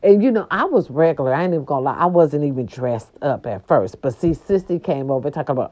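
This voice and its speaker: A woman vlogger telling a chatty story to her viewers, animated and sassy, calling them "baby". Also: low voice, fast talker, hardly any pauses. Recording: dull lo-fi sound with faint music behind. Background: faint music.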